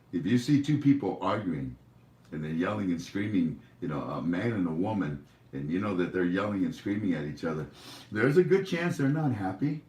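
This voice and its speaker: Recorded far from the mic in an echoey room, a man hosting a livestream delivers rambling casual commentary full of jokes. His voice is low-pitched with a darkish tone.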